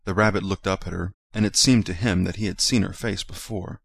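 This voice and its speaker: A man reads a children's story aloud in a fairly low, gentle and measured voice. The recording is dry and close, with no room sound. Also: fairly even intonation, gravelly, husky, dry recording.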